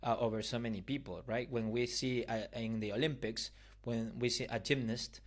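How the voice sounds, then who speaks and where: A man's voice: mid-range voice, steady tone, normal speed. A man hosting a podcast, reasoning aloud in a conversation and often asking whether he makes sense. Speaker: podcast host. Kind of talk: explanatory conversation.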